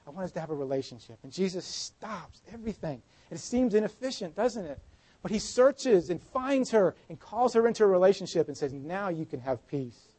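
A man's voice: high voice, lively intonation, a little fast, breathy edge, no echo, poor audio. Earnest preaching man, dry sound. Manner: earnest preaching, drops soft when voicing Jesus. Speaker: pastor. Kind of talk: sermon.

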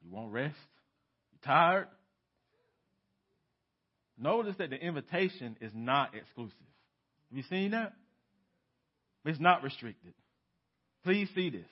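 Male pastor, emphatic sermon delivery, dynamic and questioning, slightly high voice, dull lo-fi church recording. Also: very animated, takes it slowly, long pauses. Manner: emphatic, swings from loud to hushed, rhetorical questions. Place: church sanctuary.

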